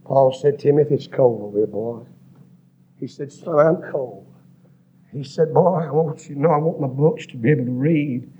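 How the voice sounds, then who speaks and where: A man preaching a revival sermon, rhythmically listing words and rising to shouts, recorded in a church. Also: medium pitch, normal speed, highs cut off, a little hiss or hum.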